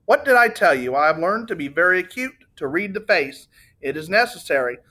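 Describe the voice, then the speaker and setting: Eager chatty salesman, high bright voice, gushing, as a man reads him out. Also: sing-song, brisk, exaggerated voice. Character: voluble, boastful male Italian car salesman.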